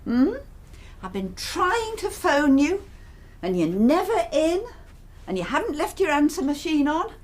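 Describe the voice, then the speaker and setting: A woman's voice: high-pitched, very animated, a little slow. An actress playing a self-pitying, middle-aged English widow reading out her letter, sighing and fussy, with an English accent. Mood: aggrieved. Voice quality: melodramatic, sighing, fussy and prim.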